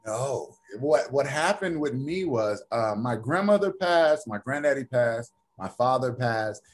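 A man's voice: mid-range voice, unhurried. A man, an actor and author, talking as a guest in a casual interview and telling stories with energy. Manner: animated storyteller, acts out quoted voices.

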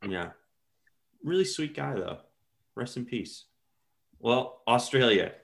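A man's voice: mid-range voice, animated, takes it slowly, vocal fry, a bit bright. A man co-hosting a casual podcast, joking and teasing the others as he steers the talk. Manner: joking, teasing, leads topics. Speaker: podcast co-host. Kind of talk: casual chat.

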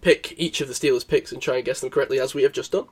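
A man's voice: mid-range voice, rapid-fire, slightly rough. A man hosting a casual podcast chat, upbeat and teasing his co-host.

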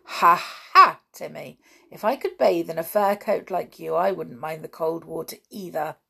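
A woman doing cheeky schoolboy Dick, gravelly. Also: lowish voice, moderate pace, bright, forceful tone, heavily acted. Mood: cheerful.

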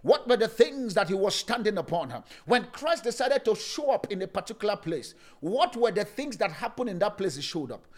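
A man preaching as pastor, emphatic, with sing-song phrasing, at times dropping into slow, hushed lines. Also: high-pitched, very animated. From Africa. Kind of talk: sermon.

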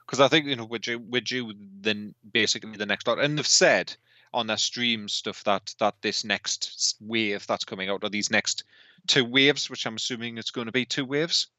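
A man's voice: mid-range voice, moderate pace, bright, forceful tone, no room sound. A man co-hosting a podcast in casual chat, asking questions and often restarting his sentences. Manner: chatty, asks questions, trails off and restarts. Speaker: podcast co-host.

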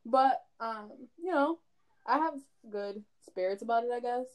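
Young woman, loose rambling chat, fillers and swearing, slightly high voice. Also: expressive, measured pace. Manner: loose, rambling, lots of fillers and laughs, profane. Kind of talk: casual chat.

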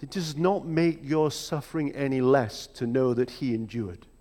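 A man preaching a sermon in a reflective, measured way, with emphatic rhetorical questions. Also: mid-range voice, mellow. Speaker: pastor. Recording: long hall reverb.

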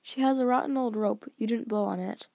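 With some vocal fry and no echo, a woman takes on the role of a stern, formal old grandfather. He lectures in a measured, grave way, pitched slightly lower and quieter than her narrating voice.

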